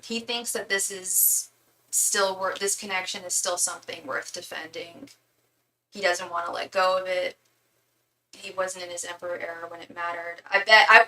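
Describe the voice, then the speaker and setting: Chatty woman reading tarot, bright voice. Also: lowish voice, reverberant, recorded from a distance, low-quality recording. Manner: chatty, with many fillers and restarts; calls the listener "girl". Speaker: tarot reader.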